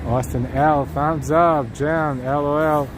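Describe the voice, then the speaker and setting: A man with a fairly high, steady voice talks slowly as he walks a city street in the evening, hosting a live-stream walking tour. He's chatty and earnest, addressing viewers directly and reading the chat aloud, filmed on a handheld camera rig. Faint traffic and street noise sit in the background.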